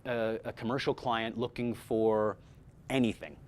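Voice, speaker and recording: A middle-aged man with a lowish, steady voice speaks at a moderate pace in a voice-over workshop for actors. He talks with energy, frequently restarting sentences as he addresses the group directly, with a small live audience in the room.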